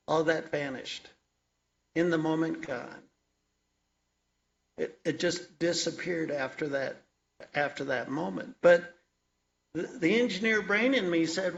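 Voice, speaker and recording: Male storyteller, wry and reflective, unhurried delivery, dull lo-fi recording. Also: fairly high pitch, vocal fry. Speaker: author and energy worker sharing his story. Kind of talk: personal storytelling talk.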